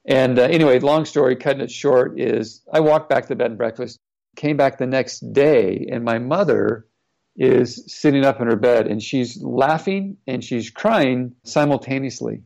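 A middle-aged man tells a personal story in an earnest, reflective way. His voice has a gravelly, creaky texture. The recording sounds a little dull and lo-fi. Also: medium pitch, moderate pace, a little mellow. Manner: earnest, reflective, retelling quotes. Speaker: guest, former NFL player. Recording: slightly dull, lo-fi audio.

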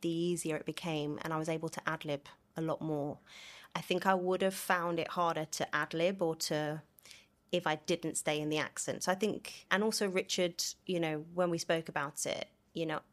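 Low-voiced woman from London, chatty. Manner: chatty, many fillers, laughs while telling stories. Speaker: actor, interview guest. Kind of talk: casual interview chat.

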